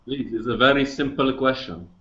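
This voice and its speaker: A man's voice: medium pitch, normal speed, a bit bright. A male caller with a heavy accent, asking a long-winded, formally worded question in a pompous manner. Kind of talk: call-in question. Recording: lo-fi call audio.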